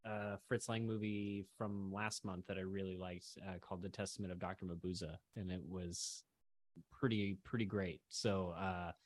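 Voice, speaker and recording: A man in casual podcast chat about films, relaxed and a little hesitant. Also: low-pitched, normal speed. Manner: relaxed, hesitant, with short reactions.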